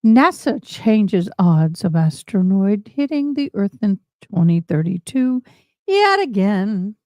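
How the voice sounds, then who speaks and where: Slow-talking chatty woman streamer. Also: medium pitch, sing-song, a little mellow, no echo, studio quality. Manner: chatty and rambling, addresses viewers as y'all. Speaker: livestream host commenting on court trials. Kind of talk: casual live-stream chat.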